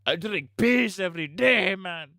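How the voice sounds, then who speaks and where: A man putting on a squeaky boastful tough guy. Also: expressive, measured pace, bright, forceful tone, no room sound, clean studio sound, full character voice. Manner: high strained put-on voice, rambling brag.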